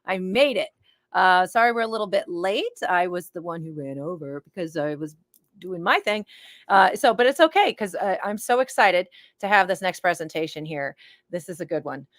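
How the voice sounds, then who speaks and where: A woman's voice: fairly low pitch, moderate pace, dry recording. Brief: woman event host, bubbly and effusive, dry close-mic recording. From Boston area. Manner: bubbly, excitable, laughs often. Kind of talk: live-stream event hosting.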